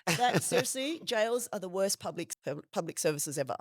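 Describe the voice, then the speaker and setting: A woman of Filipino background, a padel player answering quick questions as a podcast guest, cheeky and laughing as she tells stories. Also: on the high side, no echo, clean studio sound. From Philippines. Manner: cheeky, laughing, animated storytelling. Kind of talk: rapid-fire question interview.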